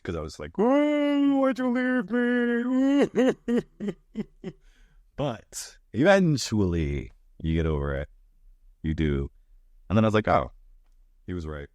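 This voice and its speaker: A man co-hosting a podcast in casual chat, laughing often and acting out quoted lines in higher voices. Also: dry recording, studio quality. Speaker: podcast co-host.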